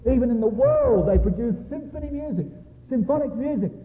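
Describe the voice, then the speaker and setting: High-voiced preacher in an echoing hall. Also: male voice, expressive, a little fast. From Australia. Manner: emphatic, repeats points and keeps addressing the congregation. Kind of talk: sermon. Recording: tinny lo-fi recording with long hall reverb.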